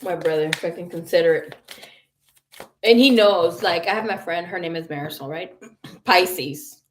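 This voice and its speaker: Animated, profane woman in her early thirties. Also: fairly low pitch, normal speed, slight background noise. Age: early 30s. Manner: laughs often. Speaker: psychic tarot reader and livestream host. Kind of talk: casual livestream chat.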